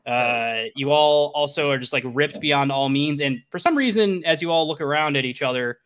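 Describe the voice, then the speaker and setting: A man running a tabletop game as game master, his voice bright and forceful and a touch high. He rambles through his scene descriptions, restarting sentences as he goes. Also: normal speed, smooth. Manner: rambling, many fillers and restarts.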